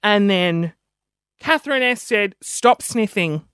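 A man's voice: high voice, animated, fairly bright tone, clean tone, no echo. Rambling male podcast host, dry sound. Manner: rambling, self-mocking, quick asides; audible sniffing between phrases. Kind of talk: casual solo podcast chat.

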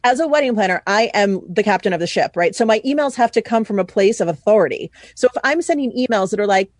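A woman's voice: medium pitch, fast, few pauses, no echo. Woman from New York City, chatty host. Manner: animated, acts out quoted speech. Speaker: podcast host, wedding planner. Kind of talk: casual business chat.

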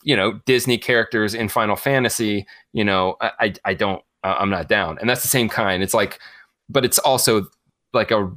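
Low-voiced man, halting and blunt. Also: fairly bright tone, no room sound. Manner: hesitant, many ums and restarts, blunt opinions. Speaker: podcast co-host. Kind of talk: casual gaming chat.

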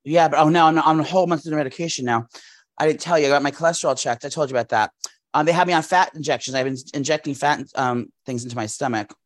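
Man, thirties, podcast co-host, casual chat, rambling storyteller, higher-pitched. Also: fast. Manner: rambling, animated storytelling with many fillers.

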